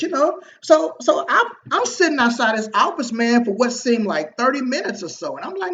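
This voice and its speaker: A man telling a personal story to his viewers in a casual, motivational way, slangy and animated, acting out the people he quotes. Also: extremely high pitch, a little fast, hardly any pauses, dull audio, a little hiss or hum. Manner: animated, slangy, repeats himself and acts out quoted dialogue. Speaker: online marketing video host.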